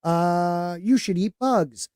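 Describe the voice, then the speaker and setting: A man's voice: sits high, slow pace, darkish tone, clean tone, no room sound, studio quality. A man hosting a podcast, talking in a casual, rambling way with lots of fillers and restarts. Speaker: podcast host.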